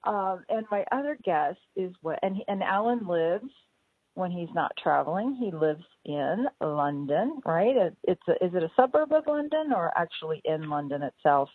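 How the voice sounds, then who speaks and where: Woman host, gushing and chatty, low voice, dry thin phone-line sound. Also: animated, moderate pace, slightly rough, dry recording. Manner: effusive, gushing, laughs often. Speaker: podcast host. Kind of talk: casual interview over a call. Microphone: call audio. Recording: tinny call line, dry.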